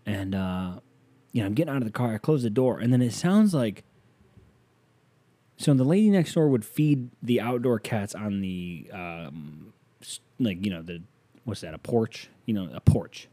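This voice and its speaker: A man's voice: fairly low pitch, lively intonation, normal speed, warm tone. A man hosting a casual solo podcast, rambling and joking as he talks directly to the listener. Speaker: podcast host.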